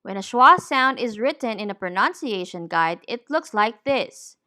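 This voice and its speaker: A woman teaching English pronunciation, saying each word deliberately and clearly. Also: medium pitch, animated, bright, forceful tone. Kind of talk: slow, careful pronunciation lesson.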